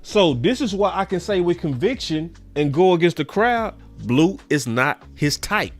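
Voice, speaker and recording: Male sports-talk host, somewhat high voice, swings between low and loud. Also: very animated, moderate pace, soft background music. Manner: emphatic, repeats his points, swears. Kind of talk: casual commentary.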